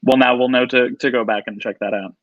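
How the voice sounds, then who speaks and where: A man hosting a live video interview, upbeat and quick to laugh. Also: mid-range voice, fairly even intonation, no echo. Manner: upbeat, giggly. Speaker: interview host. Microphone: video call. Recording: dull lo-fi video call audio.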